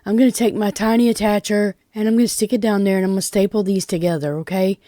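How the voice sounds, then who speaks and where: A woman's voice: medium pitch, fairly even intonation, fast, dark tone, no echo. Southern woman, casual craft chat, stuffy-nosed, breathless, dry close sound. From Tennessee. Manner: chatty, folksy, self-deprecating. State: congested from pollen, short of breath. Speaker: DIY vlogger.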